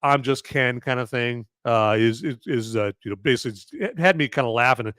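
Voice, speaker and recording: A man's voice: mid-range voice, a little fast, fairly bright tone, no echo, clean studio sound. A man hosting a podcast, rambling through a casual live movie review with lots of fillers, restarts and sarcastic asides. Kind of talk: casual live-stream commentary.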